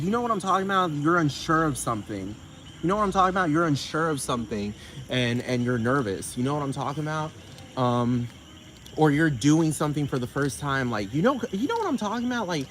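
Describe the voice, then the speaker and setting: A man's voice: fairly bright tone, slight background noise, poor audio. Rambling, profane man ranting to camera. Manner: rambling, profane, keeps asking "you know what I'm talking about?"; sudden jumps up in pitch when riled. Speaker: vlogger. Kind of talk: casual rant to camera.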